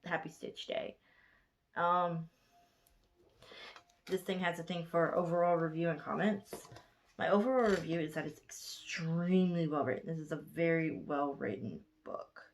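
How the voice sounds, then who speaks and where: A woman's voice: low-pitched, normal speed. Sleepy, chatty young woman reviewing a book. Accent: Southern US. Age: 20s. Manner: rambling, chatty, gushing, with frequent self-corrections. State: sleepy, yawning late at night. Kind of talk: casual book review vlog.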